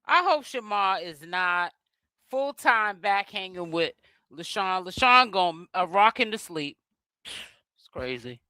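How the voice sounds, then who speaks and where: Bright-voiced woman hosting a gossip livestream. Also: medium pitch, animated, takes it slowly, no room sound, poor audio. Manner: opinionated, addressing the chat directly.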